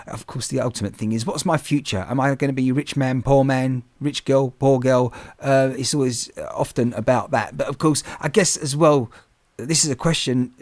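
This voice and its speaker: A man's voice: mid-range voice, dry recording. A man hosting a podcast, chatty and rambling, with many restarts. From England. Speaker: podcast host. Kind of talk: casual interview chat.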